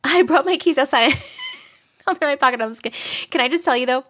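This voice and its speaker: A woman's voice: sits high, fairly quick, fairly bright tone. A young woman hosting a casual live stream, chatting with viewers and reading their stories aloud, giggly and sometimes dropping to a whisper.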